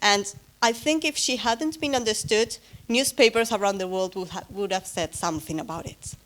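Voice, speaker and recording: An English-speaking woman closes out an academic conference with a hesitant talk full of fillers and self-corrections, plus some light humor. Her voice is medium-pitched and a little bright, at a normal speed.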